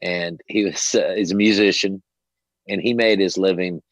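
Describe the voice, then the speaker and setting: A man hosting an interview, telling a long story in a rambling, animated way and swearing freely. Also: deep voice, normal speed, dry recording. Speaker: host. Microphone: headset. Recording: dull lo-fi dry sound.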